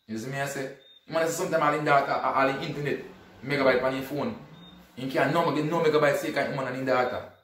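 A man's voice: medium pitch, fast talker, a little hiss or hum. A man, retelling an event casually and acting out the dialogue as he goes. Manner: animated, acts out dialogue, repeats "you see me". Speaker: storyteller. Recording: echoey room, distant from mic.

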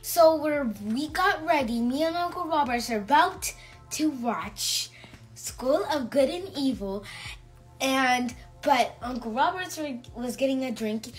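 A young woman chatting casually, telling a story in a slow, chatty way. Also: high-pitched, animated, faint music behind, low-quality recording. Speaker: daughter. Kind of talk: casual chat.

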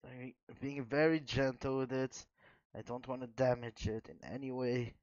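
A man chatting casually to his viewers while opening trading card packs, excitable and quick to exclaim. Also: mid-range voice, no echo. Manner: chatty, keeps addressing viewers as guys. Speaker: trading card pack opener. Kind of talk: casual unboxing chat to viewers. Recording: dull, dry lo-fi home recording.

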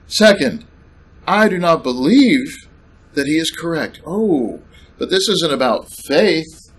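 A man's voice: fairly high pitch, big pitch swings, slow pace, a little hiss or hum. A man preaching a sermon, emphatic and sarcastic, repeating points with questions to the congregation. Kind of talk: sermon with slides.

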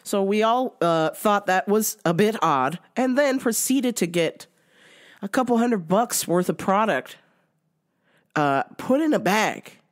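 A woman's voice: mid-range voice, lively intonation, a little slow. A woman hosting a podcast, ranting in a sarcastic, profane way and laughing often. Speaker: podcast host. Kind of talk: casual ranting commentary.

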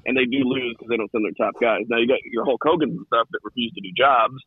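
A man's voice: medium pitch, fast talker, slightly rough, no echo. A man in his thirties co-hosting a casual chat, cursing freely and acting out what others might say. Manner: profane, animated storytelling with acted-out quotes. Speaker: podcast co-host. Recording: tinny phone-like line.

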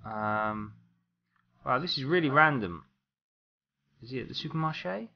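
A man's voice: mid-range voice, animated, a little slow, gravelly, dull audio. A man giving casual let's-play commentary, rambling as he talks to game characters and apologizes to them. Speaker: gameplay commentator.

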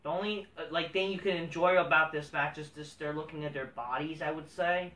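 A man hosts a casual solo review vlog in a bright, sharp-edged voice. He rants with constant swearing, dropping to grumbling mutters and then flaring into loud outbursts. He sits back from the mic in a roomy, echoing space. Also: a little high, steady tone, brisk, far from the mic. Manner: profane, ranting, swings between muttering and heated outbursts. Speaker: host of a wrestling review channel. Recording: roomy sound, away from the mic.

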